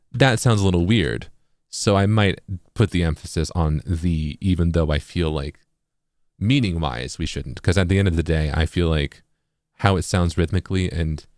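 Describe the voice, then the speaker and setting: A music producer with a very deep, low, darkish voice walks through a tutorial casually and explanatorily, repeatedly checking in with "right?" The sound is dry and close, without room echo.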